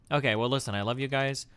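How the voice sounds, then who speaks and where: A man with a smooth, mid-range voice that leans a little bright is streaming live. He chats casually and crudely, reacting to clips while battling his computer.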